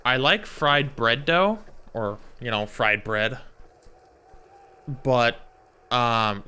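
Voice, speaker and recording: Chatty, bright-voiced male game streamer. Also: medium pitch, lively intonation, drawn-out words, pauses often, clear, resonant tone. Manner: rambling, chatty, talks to his cat. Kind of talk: casual live-stream gameplay chat.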